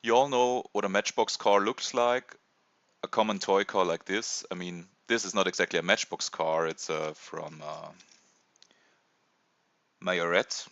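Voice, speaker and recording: A man in his thirties from Germany with a German accent, hesitantly presenting a casual toy review with many pauses and fillers. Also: low voice, steady tone, a bit bright, dry recording, lo-fi sound. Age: 30s. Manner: hesitant, many ums and uhs.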